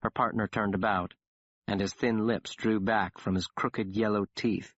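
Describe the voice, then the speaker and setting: A man's voice: fairly low pitch, steady tone, measured pace, a bit bright, dry recording. A man narrating an audiobook in the first person, telling the story wryly and dramatically. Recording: dull dry audiobook recording.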